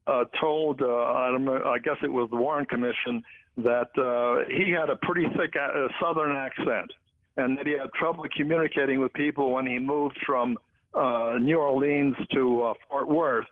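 A man who is a guest author, talking in a halting way with many filler sounds. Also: medium pitch, steady tone. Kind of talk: phone interview. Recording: tinny phone line.

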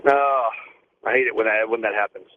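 A man in his forties calling in to a radio show from his car, talking quickly and eagerly with stammers. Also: lowish voice, fairly even intonation. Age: 40s. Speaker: caller. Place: car, driving. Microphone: phone. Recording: tinny phone line.

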